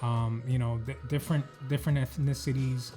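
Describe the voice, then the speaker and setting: Easygoing man chatting, mid-pitched. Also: steady tone, a little fast, mellow, soft background music. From United States. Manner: loose, filler-heavy, trails off mid-sentence. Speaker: podcast host. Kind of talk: casual chat.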